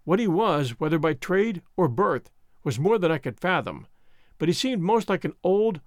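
Expressive male audiobook narrator. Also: high voice, no room sound, clean studio sound. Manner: measured storytelling, voicing the characters. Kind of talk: scripted narration.

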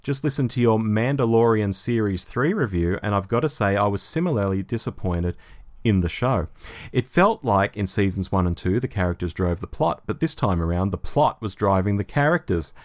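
Man, podcast co-host, fairly low voice, animated reading of listener mail. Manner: lively, animated email reading. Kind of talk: casual podcast chat, reading listener emails.

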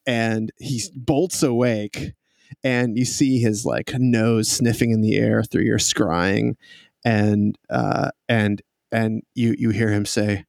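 A man acting as game master for a tabletop game narrates the scene, rambling, restarting, and laughing often as he tells it. His voice is fairly low, slow, and gravelly, with no echo.

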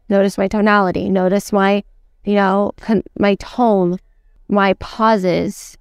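Brief: female sales coach, emphatic and chatty, smooth voice, dry close sound. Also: mid-range voice, fairly even intonation, normal speed, a little mellow, dry recording. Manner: emphatic, chatty, lots of "like" and "okay?". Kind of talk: teaching lesson.

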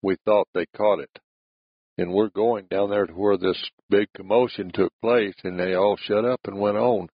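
A low, gravelly man's voice with a husky grain, telling plainspoken rural hunting tales. He sits close on a dry mic. The recording sounds dull and lo-fi. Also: fairly even intonation, normal speed, no echo. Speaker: rancher. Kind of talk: casual storytelling.

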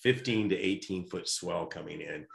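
A man telling a lively personal story in a casual chat, often restarting his sentences. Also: low-pitched, moderate pace, vocal fry. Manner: animated storyteller, frequent restarts. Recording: roomy echo.

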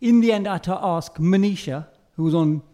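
High-voiced man telling a story. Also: a little fast. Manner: animated storyteller, mimics voices. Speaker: podcast co-host. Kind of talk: casual chat with live audience.

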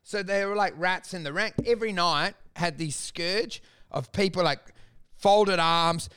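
A man's voice: sits high, measured pace, pushed and bright, smooth. A man telling comedy stories in casual podcast chat, profane and exasperated, acting out the people he quotes.

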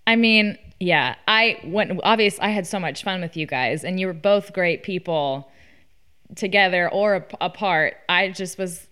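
A woman's voice: on the low side, unhurried, fairly bright tone, smooth. A young woman hosting a casual chat, teasing her guest and coaxing out stories with playful questions. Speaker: podcast host.

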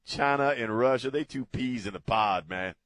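A man's voice: mid-range voice, moderate pace, fairly bright tone, dry recording. A middle-aged man hosting a casual talk radio show from a studio, rambling and joking off the cuff. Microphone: studio mic.

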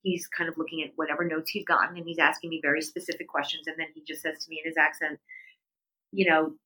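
Animated middle-aged woman with a bright voice. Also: deep voice, fast, poor audio. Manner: animated storyteller, voice leaps up when quoting people. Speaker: guest. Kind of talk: conversational interview storytelling.

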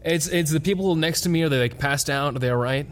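A man's voice: on the high side, fast. A man playing a character in a live tabletop game, hesitant and flustered, with many ums. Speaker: player. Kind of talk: live tabletop role-play.

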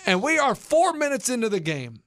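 High-voiced man telling a lively story. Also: brisk, no echo. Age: 30s. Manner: animated, acts out quoted voices. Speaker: podcast host. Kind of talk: casual storytelling chat.

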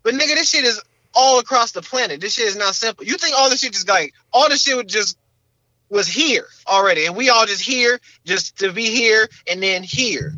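A young man co-hosting a podcast, talking in an animated, slangy way and leaning on filler words. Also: high-pitched, normal speed, dry recording, low-quality recording. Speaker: podcast co-host. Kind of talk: casual podcast chat.

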